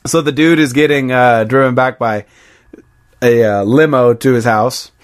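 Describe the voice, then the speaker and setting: A man co-hosting a casual film podcast, recapping scenes with animation. His voice sits at a plain middle pitch, and his delivery is wry and conversational. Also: steady tone, normal speed. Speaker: podcast co-host.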